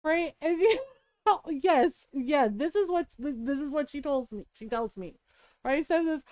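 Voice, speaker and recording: A woman's voice: high-pitched, a little slow, a little mellow, dry recording, studio quality. A middle-aged woman streamer telling a family story in casual chat. She laughs often as she talks and acts out the people she quotes.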